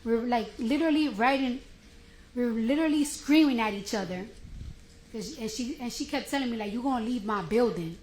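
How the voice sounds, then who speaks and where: Animated woman testifying in a roomy courtroom. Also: on the high side, normal speed. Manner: animated storytelling with slangy quoted dialogue. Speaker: trial witness. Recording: roomy courtroom audio with faint noise.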